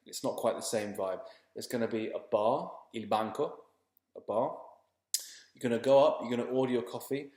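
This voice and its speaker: A man teaching beginners in a relaxed, chatty and reassuring way, often repeating his words. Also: mid-range voice, moderate pace, echoey room. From England. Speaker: language teacher. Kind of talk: casual spoken lesson.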